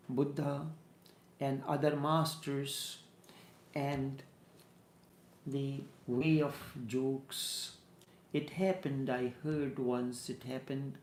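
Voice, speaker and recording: Slow, measured man in echoey room. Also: a little high, darkish tone. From Trinidad. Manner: slow and measured, repeats phrases for emphasis. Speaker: spiritual teacher. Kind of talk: spiritual discourse with storytelling. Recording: roomy echo.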